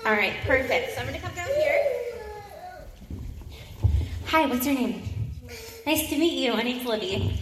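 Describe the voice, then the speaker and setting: A high-pitched woman talks young children through a church children's message, upbeat and coaxing. Her voice carries through a large, echoey sanctuary with a long hall reverb and a faint hum of room ambience. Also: animated, measured pace, long pauses. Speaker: children's sermon leader. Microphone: handheld microphone.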